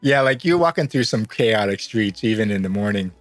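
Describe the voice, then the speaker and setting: A man's voice: lowish voice, animated, a little fast, dry recording, soft background music. A man narrating as game master in a tabletop game, loose and rambling and often laughing.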